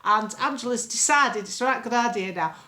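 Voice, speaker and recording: An older English woman from England vlogging from home into a phone camera, chatting bluntly and meandering through opinions. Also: brisk. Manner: blunt, opinionated, meandering, lively swings in pitch. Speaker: political vlogger. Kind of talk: casual rambling monologue to camera. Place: home, indoors.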